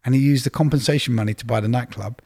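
Brief: middle-aged man, casual interview guest, anecdotal and chatty, even mid-range pitch. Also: quick pace, slightly rough. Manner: chatty anecdotal storyteller, exaggerates for laughs. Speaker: record label executive, guest.

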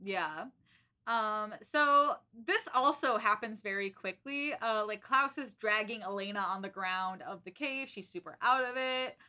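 A woman's voice: medium pitch, measured pace, bright, forceful tone. A young woman co-hosting a casual book podcast, chatty and blunt, with lots of "like" and "um". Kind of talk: casual chat recapping a book.

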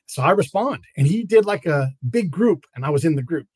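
Speaking a little fast in a slightly high, husky voice, this former intelligence officer is a guest on an interview show, heard in a dry recording. He spins lively, casual tales of his time in Afghanistan and performs the quotes of the people involved.

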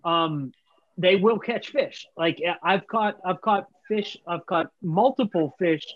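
A man's voice: high voice, slow pace, no room sound, highs cut off. A man talking casually as a guest bait maker, rambling with many restarts. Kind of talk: casual podcast chat.

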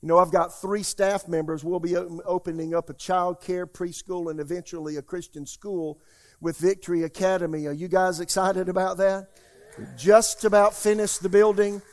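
Male pastor, high voice, emphatic sermon delivery, loud then quiet, calls to the congregation. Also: flat delivery, moderate pace. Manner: emphatic preaching, asks the congregation "How many hear me?"; swings from loud declarations to quiet asides. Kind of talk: Easter Sunday sermon.

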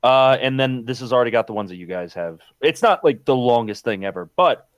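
A man's voice: medium pitch, animated, a little fast, dry recording. A man co-hosting a casual podcast about retro games, talking enthusiastically and rambling with fillers. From United States. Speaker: podcast co-host. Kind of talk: casual chat.

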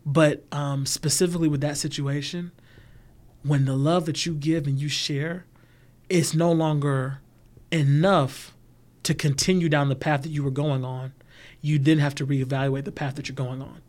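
A man's voice: a little high, steady tone, normal speed, a little mellow. A man co-hosting a podcast, telling earnest personal stories in casual chat. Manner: earnest storytelling, acting out quoted voices. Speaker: podcast co-host.

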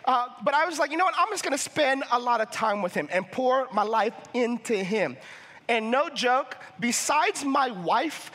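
Passionate high-voiced young pastor in a hall. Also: male voice. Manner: passionate, rising to near shouting, with many restarts. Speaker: family ministries pastor. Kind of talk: sermon. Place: church auditorium. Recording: church hall reverb.

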